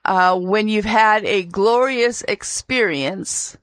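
A woman's voice: mid-range voice, no echo. A woman hosting an interview, asking thoughtful questions. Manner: slow, thoughtful questions with fillers. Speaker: interview host. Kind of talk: conversational interview.

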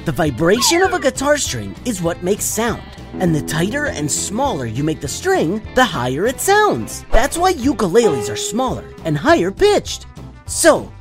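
A woman hosting a children's educational show, giving an upbeat, playful scripted explanation. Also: medium pitch. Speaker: host of a kids' explainer show.

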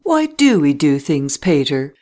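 A man voicing a lively young widow who speaks in high, distinct, teasing tones. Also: a little slow.

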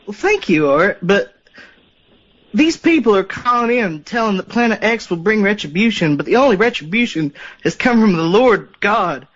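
A man's voice: high voice, big pitch swings, moderate pace, a bit bright. A man calling in to a radio show to preach his disapproval, pointed and stern. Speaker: caller. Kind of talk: call-in comment. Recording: muffled phone-in audio.

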